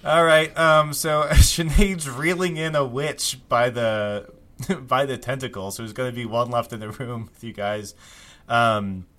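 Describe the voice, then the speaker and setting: Serving as game master for a tabletop game, a man narrates in a relaxed manner, filling his speech with fillers. His pitch is medium and he takes his time.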